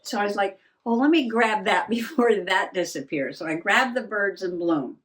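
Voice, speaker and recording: A woman's voice: mid-range voice, expressive, normal speed, a bit bright. An older woman vlogging in a rambling, self-mocking way, laughing often and a little out of breath. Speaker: journaling vlogger. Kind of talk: casual chat.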